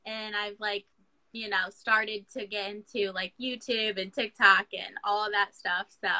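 A woman's voice: medium pitch, little pitch movement, unhurried, pushed and bright, low-quality recording. A young woman from Michigan, talking as a guest in a casual interview, upbeat and chatty with lots of "like" and "you know". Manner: upbeat, chatty with likes and laughs. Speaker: guest blogger.

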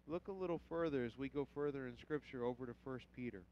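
A male pastor preaching a sermon with animated storytelling, swinging from quiet reading to loud shouts. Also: mid-range voice, quick pace, hardly any pauses, dull audio, a little hiss or hum. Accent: Southern Indiana.

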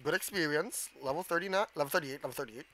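A man streaming a game live, giving excitable commentary, gasping, shouting and swearing at the screen. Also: a little high, quick pace, no room sound.

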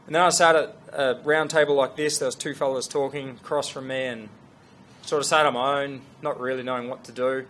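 A man's voice: mid-range voice, fairly quick, slight background noise. Earnest man telling a story. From Australia. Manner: earnest, animated storytelling with restarts. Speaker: fashion brand founder. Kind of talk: storytelling talk to an audience.

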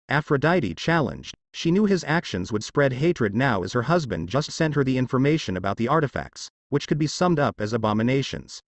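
A man narrating a fan fiction story aloud in an even storytelling read. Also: medium pitch, a little fast, few pauses, dry recording.

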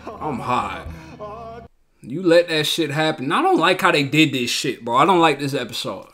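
A man's voice: fairly high pitch, very animated, normal speed, bright, forceful tone, faint music behind. A man hosting a show reaction, talking bluntly in profane slang and repeating himself in heated outbursts. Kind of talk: casual reaction commentary.

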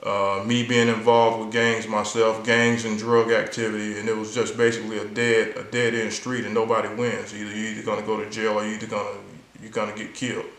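A man's voice: fairly low pitch, monotone, fairly quick, hardly any pauses, fairly bright tone, roomy sound, low-quality recording. A man earnestly telling a personal story in a casual, conversational way, acting out the people he quotes. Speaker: vlogger sharing a personal story.

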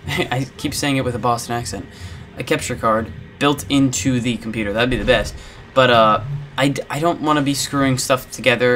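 Guy rambling thru his gaming vlog, lots of uhs, mid pitched voice, faint hiss behind. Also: fairly quick, fairly bright tone. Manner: rambling, lots of filler words. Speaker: gaming channel host. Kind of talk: casual commentary over gameplay.

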